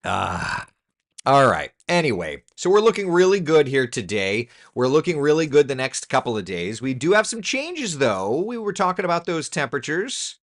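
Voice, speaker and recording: A man's voice: on the high side, very animated, moderate pace. A man hosting a casual weather live stream, chatty and joking with viewers as he reads through the forecast. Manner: chatty, talks to the computer in mock frustration.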